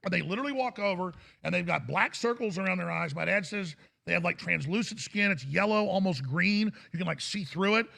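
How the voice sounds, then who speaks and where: A fervent male talk show host in full rant, his voice high and heavily gravelly. The tone is bright and forceful, and his delivery is urgent and impassioned. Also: a little fast. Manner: ranting, fervent, bursts into shouted impressions.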